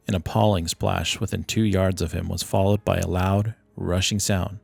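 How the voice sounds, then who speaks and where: Deep voiced guy reading a classic story slow and even, dry close sound, soft music behind. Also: vocal fry, no echo. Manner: steady, measured reading. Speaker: narrator. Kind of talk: audiobook narration of a classic story. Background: low ambient music.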